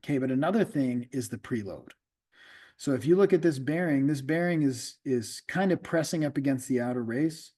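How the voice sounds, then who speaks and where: A man's voice: mid-range voice, lively intonation, moderate pace, warm tone. A middle-aged man, an automotive instructor, lecturing a class in a casual, conversational way, often repeating himself and checking in with the students.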